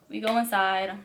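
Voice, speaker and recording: A young woman telling a story on her vlog with lots of swearing, acting out what people said in raised voices. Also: medium pitch. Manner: animated, profanity-heavy storytelling; acts out quotes in a raised voice. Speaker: vlogger.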